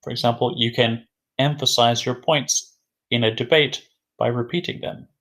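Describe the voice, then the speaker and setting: A man's voice: mid-range voice, fairly even intonation, normal speed, fairly bright tone. A man teaching an English vocabulary lesson who repeats key words and asks questions before answering them himself.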